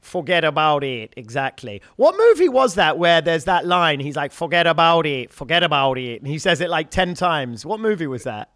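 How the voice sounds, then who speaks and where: A man's voice: a little high, big pitch swings, moderate pace, few pauses, fairly bright tone, no room sound, clean studio sound. A man hosting a podcast interview, upbeat and casual, calling his guest "man" and swearing freely. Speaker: podcast host.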